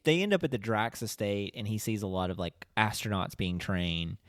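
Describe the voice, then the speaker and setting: A man co-hosting a podcast, recapping a film in casual chat, rambling with lots of "like" and quick laughs. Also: on the low side, dry recording, clean studio sound. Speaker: podcast co-host.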